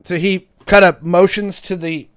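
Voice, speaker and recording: A man's voice: high voice, steady tone, unhurried, fairly bright tone, smooth, no echo, studio quality. A man narrating a tabletop role-playing game as game master, describing scenes with many ums and uhs.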